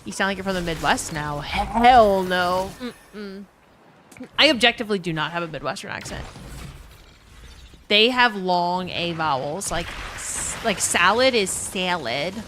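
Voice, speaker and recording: A woman's voice: on the low side, lively intonation, unhurried, fairly bright tone, slight background noise. A woman from New Orleans streaming a game, chatting casually with viewers, reading chat aloud and swearing freely into a desk mic. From New Orleans, USA.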